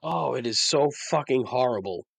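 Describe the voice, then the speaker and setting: A man's voice: medium pitch, lively intonation, moderate pace, gravelly, no echo. A man hosting his own podcast, ranting about songs he hates with sarcasm and frequent swearing. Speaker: podcast host. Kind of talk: casual monologue.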